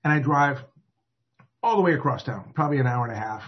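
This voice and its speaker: Husky man telling a self-mocking story. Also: mid-range voice, lively intonation, fast. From Atlanta area. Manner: self-deprecating, rambling, restarts and acted quotes. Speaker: recovery speaker. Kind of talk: personal recovery story told to a group. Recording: dull lo-fi recording.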